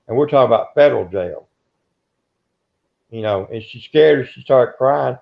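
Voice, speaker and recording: An older man in an interview, telling rambling stories in a gruff, self-interrupting way. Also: mid-range voice, moderate pace, long pauses. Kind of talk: casual storytelling. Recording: dull lo-fi recording.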